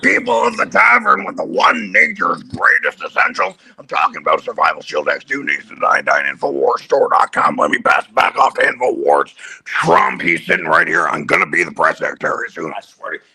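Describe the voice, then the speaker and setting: A very deep, gravelly conspiracy-radio ranter who barks sales pitches and swears. His pitch swings wildly and the delivery is harsh and piercing, with faint noise in the background. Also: sing-song, brisk, exaggerated voice, low-quality recording. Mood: ranting. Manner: shouting sales rant, swearing. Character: impression of a ranting male conspiracy radio host. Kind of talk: prank voice impression on a live stream.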